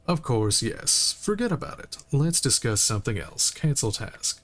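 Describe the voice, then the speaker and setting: A man streaming a game, reading its text aloud in a relaxed way and making occasional asides. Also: medium pitch, moderate pace. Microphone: streaming mic.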